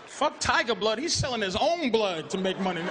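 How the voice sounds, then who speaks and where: A man's voice: sits high, very animated, normal speed, background noise. A man giving a profane, stammering roast speech. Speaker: comedian at a roast. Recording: crowd in a reverberant hall.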